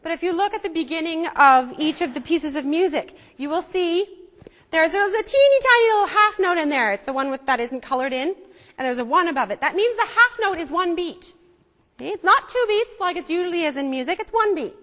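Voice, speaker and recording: High female music teacher, coaxing manner, recorded on a distant mic in a reverberant hall. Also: expressive, fairly quick, bright, forceful tone. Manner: teacherly, coaxing, checks in with "okay?" and "right?". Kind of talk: music lesson to an audience. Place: church hall. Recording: echoey hall, imperfect sound.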